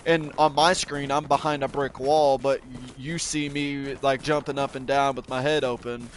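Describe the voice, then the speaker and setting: A man's voice: medium pitch, fairly even intonation, normal speed, slight background noise. A man telling a casual, rambling story about a game match, swearing often and restarting sentences. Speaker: gaming video creator.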